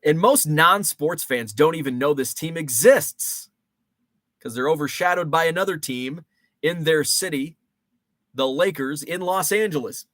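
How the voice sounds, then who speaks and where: A man's voice: a little high, measured pace, fairly bright tone, dry recording. A man in his forties hosting a casual rambling monologue, thinking aloud with fillers and restarts. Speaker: show host. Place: home basement.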